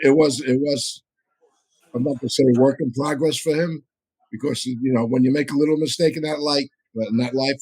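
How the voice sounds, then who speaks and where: A man's voice: medium pitch, darkish tone, slightly rough, no room sound, rough recording. A man telling long, rambling stories in a casual, profane way, full of restarts and asides, on a live show. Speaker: podcast co-host and storyteller.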